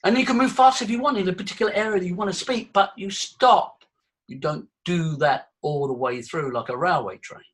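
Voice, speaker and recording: An older man, a voice coach, giving an exuberant, theatrical talk to a live audience, swinging between loud and soft. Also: high voice, fast talker, hardly any pauses.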